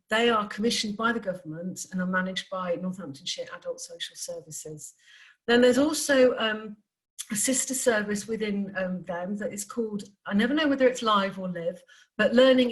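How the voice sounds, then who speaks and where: A woman from the council giving a presentation to parents, hesitant with many pauses and restarts. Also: medium pitch, low-quality recording. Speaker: council adviser on special needs education.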